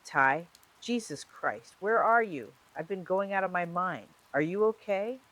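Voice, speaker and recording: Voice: medium pitch, expressive, normal speed, natural voice, low-quality recording. A narrator voicing a desperate, guarded woman. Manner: pleading, then defensive. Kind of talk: true-crime storytelling.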